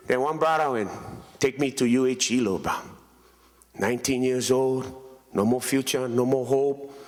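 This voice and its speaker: A man in his thirties with a Hawaiian Pidgin accent, giving a keynote speech and telling stories about himself in a joking way. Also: mid-range voice. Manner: joking, storytelling, lively. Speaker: keynote speaker. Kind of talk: storytelling speech. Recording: reverberant hall.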